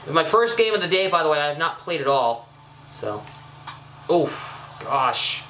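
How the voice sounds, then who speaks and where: Excitable young man narrating his gameplay. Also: a little high, moderate pace, echoey room, a little hiss or hum. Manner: chatty, excitable, self-critical with frequent ums and uhs. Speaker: gaming YouTuber. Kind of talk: casual gameplay commentary.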